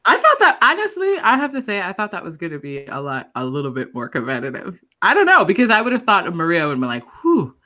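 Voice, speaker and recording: A woman's voice: on the low side, huge pitch swings, fast talker, few pauses, sharp tone. A woman co-hosting a casual podcast, sassy and emphatic, drawing out her points like a lecture. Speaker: podcast co-host.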